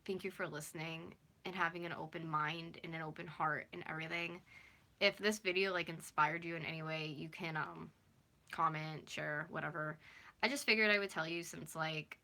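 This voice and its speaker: A woman's voice: deep voice, gravelly, pushed and bright. A young woman in her early twenties from North America, chatting and rambling as she speaks openly to viewers on a live stream. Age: early 20s. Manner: chatty and rambling, with constant fillers. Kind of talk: casual, confessional live chat.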